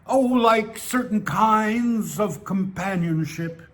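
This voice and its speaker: A man's voice: sits high, slow, fairly bright tone, voice pushed up. A man voicing a lonely seventy-six-year-old man who talks in a hesitant, self-justifying way. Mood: wheedling. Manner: hesitant, wheedling, protests too much.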